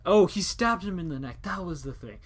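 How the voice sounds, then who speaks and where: A man's voice: high voice, expressive, a little fast. A young man hosting a casual podcast chat, rambling and joking with casual swearing. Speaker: podcast host.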